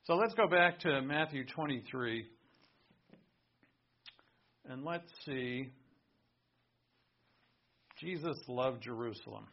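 A man from Rhode Island preaching a sermon in a conversational way, swinging between soft asides and emphatic points. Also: medium pitch, animated, takes it slowly, long pauses, highs cut off. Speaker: pastor.

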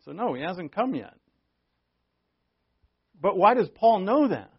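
A man's voice: high voice, sing-song, takes it slowly, slightly rough. A man preaching a sermon as pastor, talking in a conversational way and joking with the congregation. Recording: dull lo-fi recording.

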